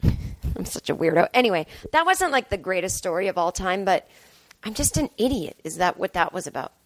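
A woman comedian in her thirties talking in a hotel room, rambling and self-deprecating as she hosts a casual solo podcast, jumping into high excited voices when she quotes herself. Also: brisk, dry recording.

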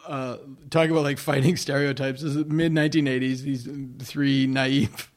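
A man's voice: mid-range voice, flat delivery, moderate pace. A man chatting casually on a comedy podcast, telling rambling anecdotes and laughing often.

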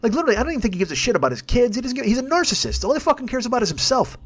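A man's voice: very high voice, big pitch swings, rapid-fire. A man in his fifties hosting a solo podcast, ranting bluntly and heatedly with constant swearing. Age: 50s. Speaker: podcast host.

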